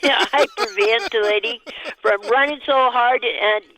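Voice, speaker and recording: A woman calling in to a show, telling a personal story in a halting, rambling way with nervous laughs. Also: fairly high pitch, crowd noise. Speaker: caller. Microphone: telephone. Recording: tinny phone line.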